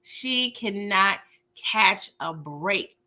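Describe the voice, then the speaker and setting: A woman's voice: medium pitch, extremely slow. A woman hosting a casual live recap, talking animatedly to her viewers and often laughing as she goes. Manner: animated, chatty, talks straight to viewers. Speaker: host of a live show recap.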